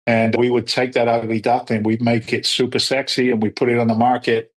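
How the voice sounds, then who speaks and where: Husky animated male storyteller. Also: mid-range voice, a little fast. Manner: animated storyteller who acts out quoted dialogue. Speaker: podcast guest, real estate investor. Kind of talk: storytelling interview answers.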